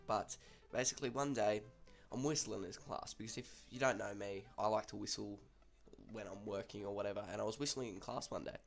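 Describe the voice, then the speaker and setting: A man's voice: on the low side, brisk, creaky, soft background music. A young man with an Australian accent casually telling a school story, chatty and swearing freely.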